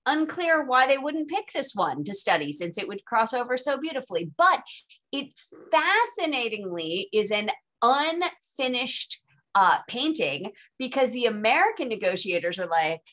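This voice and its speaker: A woman's voice: fairly high pitch, very animated, normal speed, a bit bright. A woman teaching a casual live online lecture, talking informally and chattily with dry, sarcastic asides.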